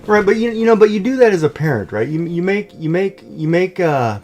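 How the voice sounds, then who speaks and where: A man's voice: high-pitched, sing-song, a little fast, a little mellow, soft background music. A middle-aged man hosting a livestream from home, chatting casually and rambling with lots of fillers and restarts. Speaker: livestream host. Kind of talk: casual chat.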